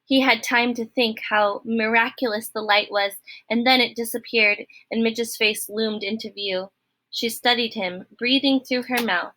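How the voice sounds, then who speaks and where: A woman reads a children's novel aloud in a friendly, expressive way, talking straight to her listeners. Her voice is bright and fairly high. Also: unhurried. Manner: expressive, friendly, addresses the reader. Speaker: storybook reader.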